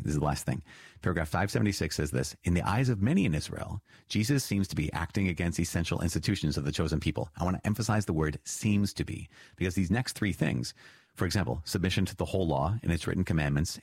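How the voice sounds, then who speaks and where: A man's voice: deep voice, darkish tone, slightly rough, dry recording, clean studio sound. A man explaining a catechism reading in an earnest teaching style, stressing points with sudden rises. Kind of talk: spoken teaching commentary on a reading.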